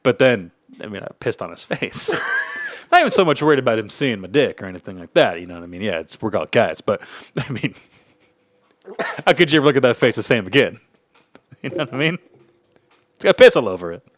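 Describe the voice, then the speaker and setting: A man's voice: mid-range voice, sing-song, a little fast, long pauses, no room sound. Podcast co-host guy, voice swings up and down a lot, crude jokes, laughs mid-sentence. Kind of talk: casual podcast banter.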